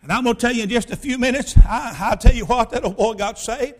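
A male pastor, telling a personal story in a sermon in a folksy, emphatic way that bursts into shouting. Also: very high-pitched, fairly quick.

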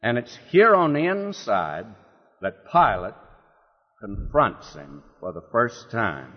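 A man's voice: mid-range voice, huge pitch swings, takes it slowly, slightly rough. A man preaching a sermon, acting out the quoted lines with drama and putting rhetorical questions to his listeners. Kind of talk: expository sermon. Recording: dull lo-fi hall recording.

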